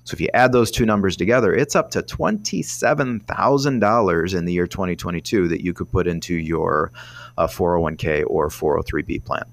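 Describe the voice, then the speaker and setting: A rambling male financial advisor talks through money tips in a radio show. His voice sits fairly low but swings widely in pitch as he explains. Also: lively intonation, brisk, gravelly.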